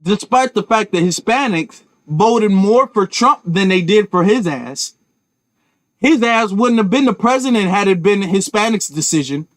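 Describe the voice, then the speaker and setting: A man's voice: high voice, expressive, a little slow, a bit bright, dry recording. Guy ranting about politics to his viewers, dry close mic. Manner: emphatic, talks to viewers directly, repeats and restarts. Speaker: commentary channel host. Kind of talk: political commentary rant.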